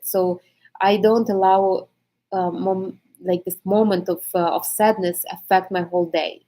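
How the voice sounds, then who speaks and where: A woman coach talking in a casual monologue, reflective and reassuring, with many pauses and fillers. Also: mid-range voice, steady tone, dark tone, poor audio. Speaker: energy coach.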